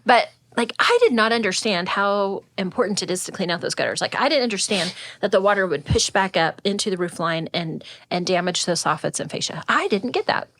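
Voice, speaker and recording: A woman's voice: medium pitch, brisk, hardly any pauses, fairly bright tone, dry recording. A middle-aged woman co-hosting a casual home-advice show, chatty, with lots of "like" fillers and easy laughter. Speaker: podcast co-host, real estate agent.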